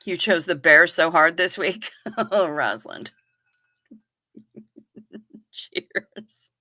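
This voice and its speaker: Reading viewer comments out loud, this live-stream host takes her time, letting her words stretch out lazily. She speaks in a bright, forward voice that sits on the low side, expressive and wry, with offhand curses and plenty of giggles. There's no room echo; the sound is close and dry.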